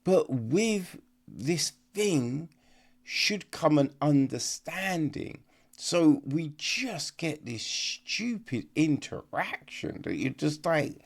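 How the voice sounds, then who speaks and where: Guy ranting about a movie on a podcast, slow, bouncy up and down voice, lots of right? and like. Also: a little high, very animated, creaky. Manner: rambling, exasperated, lots of fillers and rhetorical "right?". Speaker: film reviewer. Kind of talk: casual podcast film review.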